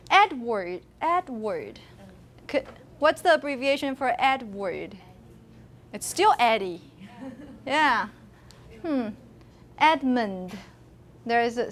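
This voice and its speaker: A female university lecturer with a Taiwanese accent gives a classroom lecture, frequently posing questions to students and laughing. Her voice is on the high side, and there's a little hiss or hum.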